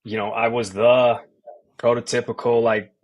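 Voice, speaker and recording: A man in his thirties from Colorado, a sports anchor telling a casual, animated story as a podcast guest, full of slang. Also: medium pitch, moderate pace, dull audio. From Colorado, USA.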